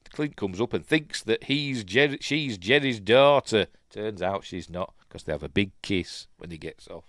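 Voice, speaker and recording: A man's voice: on the low side, no echo, clean studio sound. A man with a Yorkshire accent hosting a film review podcast, talking casually through the film and chuckling at his own asides.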